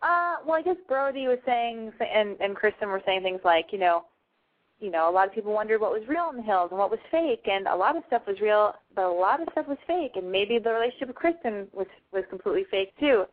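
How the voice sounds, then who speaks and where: A woman hosting a call-in show, blunt, profane and excitable in casual chat. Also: medium pitch, fairly quick. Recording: tinny phone-like sound.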